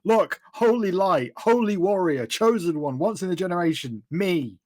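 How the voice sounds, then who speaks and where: A man voicing a female vampire hunter who brags of being a holy chosen warrior, with exasperated, quick retorts in his own plain voice. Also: mid-range voice, a little mellow, natural voice. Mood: boastful.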